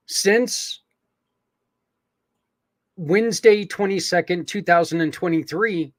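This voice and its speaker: An earnest podcast host speaks in a fairly high voice, wandering through asides and fillers as he appeals to his listeners. The sound is dry and close, with no room around it. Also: a bit bright, no echo.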